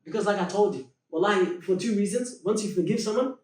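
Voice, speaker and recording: A young man with a high voice tells a story as a podcast guest. He is animated, acts out what people in the story said, and laughs his way through the punchlines. He sits away from the mic in an echoey room. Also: fast. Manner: peppers speech with religious expressions. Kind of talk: casual storytelling chat. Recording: roomy echo, mic at a distance.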